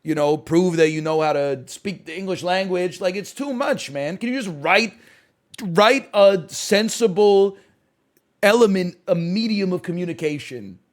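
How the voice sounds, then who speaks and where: A man's voice: sits high, a little slow. A man streaming and chatting casually, rambling, sarcastic and profane, with frequent stammers and restarts.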